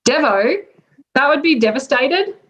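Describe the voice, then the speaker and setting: A woman's voice: high-pitched, animated, measured pace, a bit bright, rough recording. An Australian woman casually explaining slang expressions, chatty and laughing often between words.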